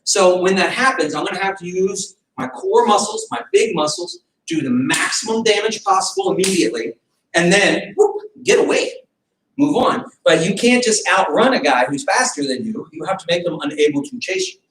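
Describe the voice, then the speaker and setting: A male martial arts instructor teaching a self-defense class, animated, acting out fight scenarios with sudden shouts. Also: high voice, normal speed, a little hiss or hum. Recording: echoey room from far off.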